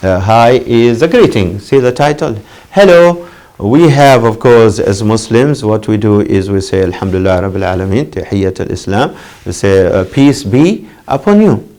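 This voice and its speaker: A middle-aged man teaching an English lesson for distance learners, halting with many fillers and lifting his voice to model phrases. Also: expressive, warm tone. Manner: pitch jumps up when modeling phrases.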